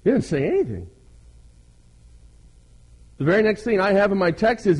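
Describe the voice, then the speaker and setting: A man's voice: high-pitched, expressive, normal speed, pauses often, husky, rough recording. A male pastor preaching a sermon, asking his listeners questions and pressing his points with emphasis.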